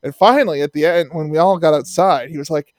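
A man's voice: fairly high pitch, quick pace, dry recording. A Canadian man telling a story in casual chat, acting out the people in it and laughing along as he goes. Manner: animated, acts out quoted people, laughs while telling.

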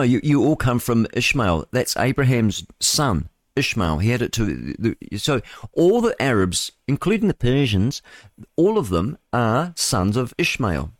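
A man's voice: mid-range voice, no room sound. A male radio host, reading news items and adding rambling, mocking commentary with chuckling asides. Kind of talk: solo talk radio commentary.

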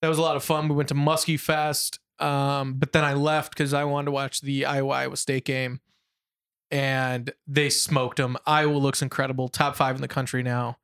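A young man, chatting casually on a show and telling animated stories about his weekend, acting out his friends' voices. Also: medium pitch, moderate pace, smooth. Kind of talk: casual chat.

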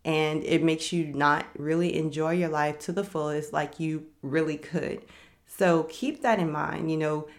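Low, gravelly-voiced woman talking candidly. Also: darkish tone. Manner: candid, conversational, reflective. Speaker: podcast host. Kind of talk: faith-based personal talk.

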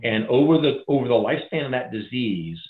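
A man's voice: mid-range voice, a little fast. Storytelling man on an echoey phone line. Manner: animated retelling, acting out quoted voices. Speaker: guest, former bank crisis manager. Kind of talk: storytelling in a conversational interview.

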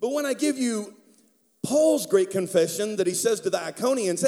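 High, mellow-voiced man preaching. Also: lively intonation, normal speed. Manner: conversational preaching with humor, leads prayer. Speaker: pastor. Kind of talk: sermon.

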